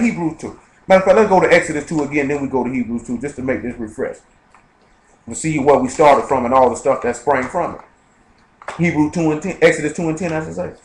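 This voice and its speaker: A man with a voice a little high for a man preaches rapidly and casually at an informal Bible study, reading verses and then breaking them down for the listeners in front of him while checking in with them. The live-streamed recording rings with room echo.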